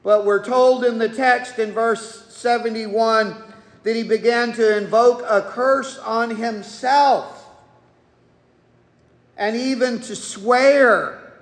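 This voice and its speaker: A man preaches at an unhurried, slow pace, folksy and conversational with humorous asides. His voice rings through a large church sanctuary with a long, echoing reverb. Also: very high-pitched, steady tone. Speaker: pastor. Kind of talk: expository sermon. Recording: echoey hall with long reverb.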